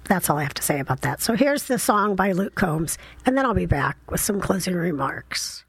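A woman's voice: fairly low pitch, sing-song, normal speed, a bit bright, husky, no room sound. Chatty middle-aged woman, dry close sound. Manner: chatty, rambling with fillers and asides. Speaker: podcast host. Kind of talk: casual solo chat.

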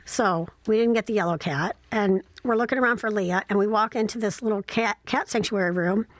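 A woman's voice: mid-range voice, a little fast. Candid middle-aged woman telling stories. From Ohio. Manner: candid, reflective, wry, with frequent fillers. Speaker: mother telling personal stories. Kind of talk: casual personal storytelling.

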